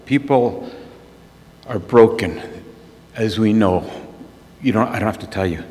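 A man preaching, telling a personal story in an animated way and laughing at himself. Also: fairly low pitch. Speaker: preacher sharing a testimony. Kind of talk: storytelling sermon. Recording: long reverb of a large hall.

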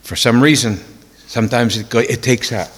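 Guy preaching his testimony, teary, goes from whispers to loud outbursts, big hall echo. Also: medium pitch, steady tone, moderate pace, slightly rough. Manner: emotional, swings from hushed whispers to loud exclaiming. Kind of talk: sermon testimony.

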